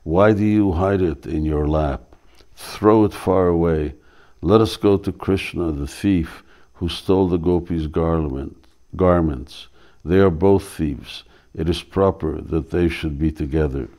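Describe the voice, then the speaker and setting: A man reading the lines of a sharp-tongued young woman in a play, scornful and mocking. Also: low voice, unhurried.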